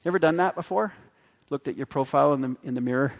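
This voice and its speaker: A pastor preaching a sermon with animated delivery, acting out the voices in the story he tells. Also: a little high, fast, gravelly. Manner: animated, acts out the figures' voices in quotes. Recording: long hall reverb.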